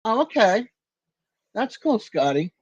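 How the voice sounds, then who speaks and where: A man's voice: sits high, sing-song, takes it slowly, slightly rough, dry recording, muffled recording. An older man hosting a casual livestream from his apartment, answering viewers by name in a chatty way. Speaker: livestream host.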